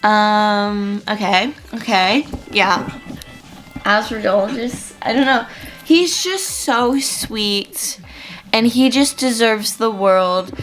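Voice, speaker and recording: A woman's voice: mid-range voice, drawn-out words, fairly bright tone, faint music behind. A young woman chatting casually in a reading vlog, gushing about a book with lots of fillers, tearful at times. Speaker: book vlogger.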